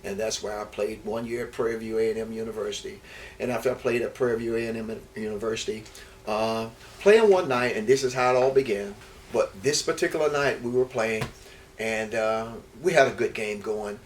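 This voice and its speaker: An older man from Houston, Texas, once a baseball player, reminisces about his life in an interview, his voice on the low side and his pace brisk. He rambles, repeating words and restarting, and livens up as memories return. A distant mic picks him up with faint background noise.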